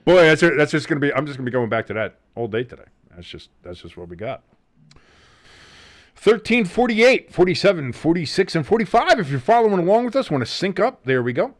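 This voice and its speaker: A man with a New Jersey accent hosting a casual live watch-along, calling plays with excitement, swearing and joking. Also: on the high side, a little fast. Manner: excited play-by-play with swearing and jokes. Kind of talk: casual live game commentary.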